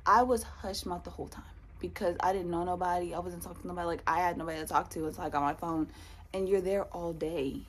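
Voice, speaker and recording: A woman's voice: lowish voice, fast talker, breathy edge. A young woman, casually telling a storytime vlog and acting out quoted dialogue. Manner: chatty, retells dialogue with quoted voices. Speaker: vlogger.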